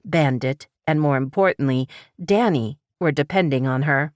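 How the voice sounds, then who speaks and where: A woman narrating an audiobook in a steady, dramatic storytelling manner. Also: sits low, moderate pace, no room sound, clean studio sound.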